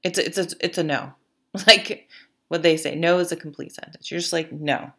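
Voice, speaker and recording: A woman's voice: lowish voice, brisk, bright, forceful tone. A woman giving a casual tarot reading, chatty, with lots of fillers and restarts, and now and then laughing at her own stories. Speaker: tarot reader.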